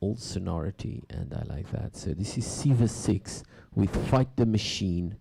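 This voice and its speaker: Low gravelly-voiced man hosting a DJ show. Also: warm tone. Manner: halting, loose talk with many fillers and restarts. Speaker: radio and podcast DJ host. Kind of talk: casual chat between tracks.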